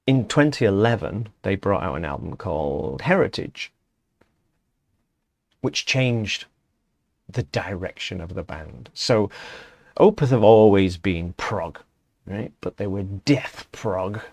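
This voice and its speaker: A man's voice: low-pitched, animated, slow, gravelly, pauses often, darkish tone, no echo. A middle-aged man hosting a music vlog, chatting casually in a rambling way and correcting himself as he goes. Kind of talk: casual spoken opinion piece.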